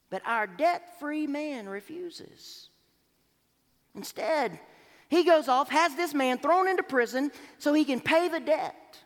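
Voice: high voice, a little slow, a bit bright. A pastor preaching a sermon, telling a parable and acting out its voices, in a church sanctuary. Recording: long hall reverb.

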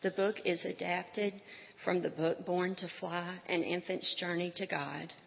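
Woman reading a kids book at a funeral, slow and gravelly, big echoey hall, muffled sound. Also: on the low side, fairly even intonation. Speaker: reader at a funeral. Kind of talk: reading a children's book aloud. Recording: dull echoey hall recording.

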